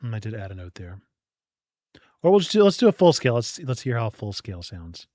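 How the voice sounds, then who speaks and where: A man's voice: medium pitch, big pitch swings, fairly quick, warm tone, no echo, clean studio sound. A man streaming a video game in casual commentary, thinking aloud as he tinkers.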